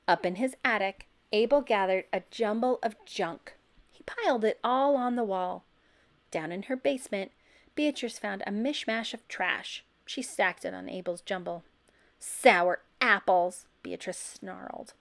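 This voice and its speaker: A woman reading a children's picture book aloud, expressive and breaking into loud high calls for the characters. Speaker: storybook reader.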